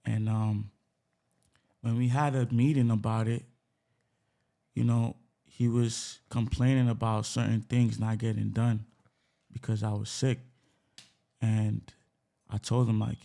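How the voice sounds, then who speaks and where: A man from Africa, a podcast guest, telling personal stories in a candid, halting way as he searches for words. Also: lowish voice, little pitch movement, creaky, warm tone. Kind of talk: casual personal storytelling.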